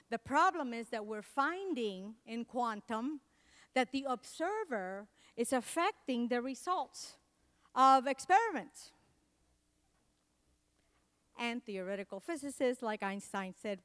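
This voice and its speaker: A middle-aged woman from Latin America giving a comedic keynote talk, telling animated stories and acting out the people she quotes. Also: high voice, measured pace. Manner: animated storytelling, acts out quotes. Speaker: keynote speaker.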